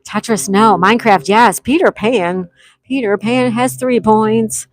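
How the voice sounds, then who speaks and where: A woman's voice: fairly high pitch, a little slow, dry recording, low-quality recording. A woman hosting a casual live-stream trivia game, reading each question twice and greeting players by name.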